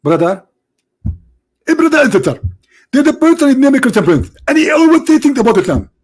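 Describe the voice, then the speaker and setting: A man puts on a caricature of an excited man who keeps pleading "brother", his voice pushed well above normal. It is loud and insistent, firing one question after another. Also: very high-pitched, a little fast, voice pushed up. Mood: mocking. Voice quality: raised, insistent repeated "brother".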